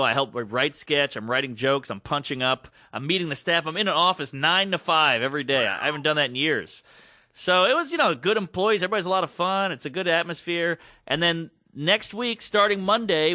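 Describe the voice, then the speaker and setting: A man co-hosting a comedy podcast, bantering quickly and breaking into silly high voices. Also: bright, forceful tone, no room sound. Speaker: podcast co-host. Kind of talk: casual comedic chat.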